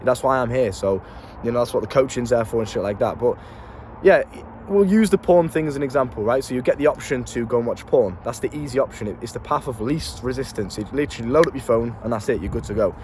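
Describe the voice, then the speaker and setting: A young man speaks fast and expressively at medium pitch with a darkish tone, giving a casual pep talk to camera on a town street. He plays the self-improvement coach, blunt and slangy, cursing and repeating words over faint traffic noise.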